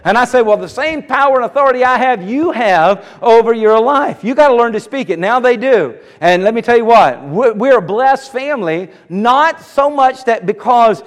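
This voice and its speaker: A man's voice: very high voice, animated, moderate pace, hardly any pauses, in a large hall. A middle-aged man preaching a sermon as pastor, fervent and emphatic, with repeated exclamations.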